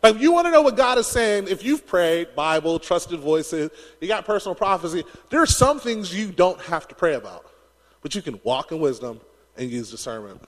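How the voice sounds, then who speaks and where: A man preaching a sermon, telling stories in an animated way and laughing often. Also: high voice, moderate pace, in a large hall.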